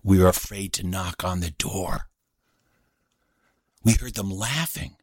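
A man with a deep, slightly rough voice speaks slowly as a stage storyteller, performing a story from his childhood. He's animated and acts out every voice, recorded in clean studio sound without echo.

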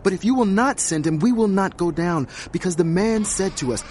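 A man's voice: high-pitched, expressive, brisk, a little mellow, a little hiss or hum. An actor playing an insistent brother in an audio drama, speaking urgently as he bargains with his father.

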